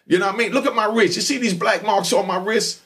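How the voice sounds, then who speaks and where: A man hosting a show, telling a story in an animated, streetwise way and repeatedly checking in with the listener. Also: high voice, fast talker. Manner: animated, streetwise, repeats "you know what I mean". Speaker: podcast host telling stories. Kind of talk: storytelling monologue.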